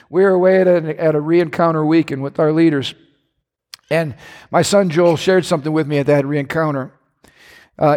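A pastor preaching a sermon to his congregation, impassioned, his voice climbing higher when he is stirred. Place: large church hall. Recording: reverberant church hall.

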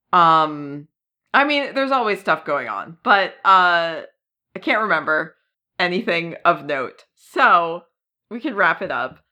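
Casting: woman podcast co-host, unhurried and bright, easygoing with lots of ums. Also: on the low side, vocal fry. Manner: laughs often, lots of ums. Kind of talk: casual chat.

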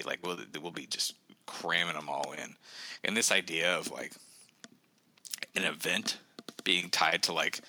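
Brief: male author guest, low-pitched, very forceful edge, rambling chatter full of restarts. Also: no echo. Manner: rambling, many fillers and restarts. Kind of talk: casual podcast chat.

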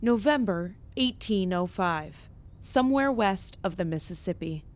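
A woman narrating a comedic story in a deadpan, mock-grand delivery. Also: mid-range voice, a little slow, slight background noise.

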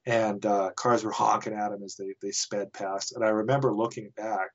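Podcast guest: canadian-raised man, low voice, rambling chuckling anecdotes, dull lo-fi audio. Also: steady tone, moderate pace. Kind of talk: casual anecdote telling.

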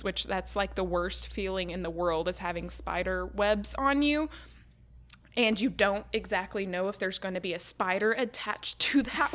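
A woman's voice: medium pitch, a bit bright. A young woman in casual chat, telling a story with frequent fillers and laughs. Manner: chatty storyteller, laughs often, says "like" and "um" a lot.

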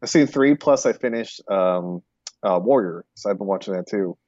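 A man's voice: fairly low pitch, moderate pace, a little mellow, dry recording. A man co-hosting a casual podcast, teasing his friend in a laid-back way and chuckling often. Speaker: podcast co-host. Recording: dull dry lo-fi mic.

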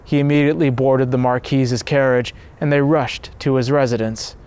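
A man's voice: medium pitch, fairly even intonation, normal speed, a little mellow, clean tone. A man narrating a saint's life story in an earnest, devotional scripted reading.

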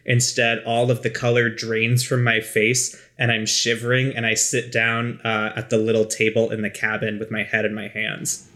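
A man's voice: lowish voice, completely flat delivery, normal speed, sharp tone. A man playing a tabletop role-playing game, casually describing what his character does. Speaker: player.

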